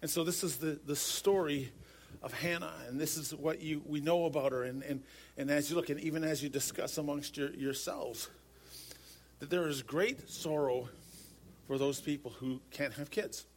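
A man's voice: a little high, moderate pace, a little hiss or hum. A man preaching a sermon as pastor, earnest, often repeating a word as he restarts a phrase.

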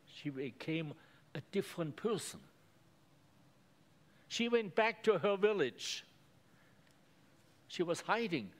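A man's voice: high voice, lively intonation, takes it slowly, pauses often. A man preaching a sermon in earnest, simple phrases, often repeating words for emphasis.

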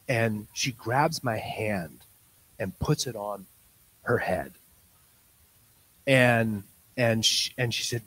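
A man preaching a sermon, telling a story in acted-out dialogue and swinging from quiet asides to loud, excited bursts. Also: on the low side, slight background noise, low-quality recording. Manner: tells stories in quoted dialogue.

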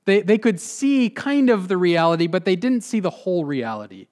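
Guy pastor preaching, slightly high voice, earnest, slows down to stress the big lines. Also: big pitch swings. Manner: earnest, with slowed emphatic phrasing and drops to a quiet close. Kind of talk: sermon.

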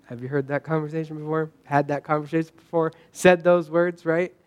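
Brief: male pastor, high-pitched voice, chatty sermon delivery with quick asides. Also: little pitch movement, smooth. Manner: conversational, frequent "right?" asides, acts out quoted lines.

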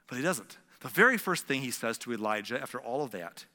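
Pastor guy preaching, bright forceful voice, big booming room, goes loud then whispery. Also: expressive, fairly quick. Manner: dramatic swings from loud emphasis to hushed whispers. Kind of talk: sermon. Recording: long hall reverb.

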